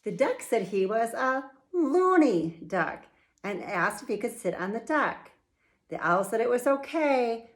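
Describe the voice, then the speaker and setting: A middle-aged woman and children's author reading her picture book aloud, with slow, playful, expressive storytelling. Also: fairly high pitch.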